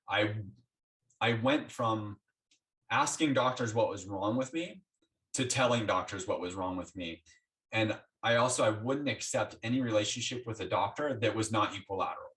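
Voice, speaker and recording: A man's voice: fairly low pitch, recorded from a distance. A man being interviewed, telling his story in a conversational way and acting out the dialogue he had with his doctors. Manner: animated, acts out quoted dialogue with doctors. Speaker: interview guest.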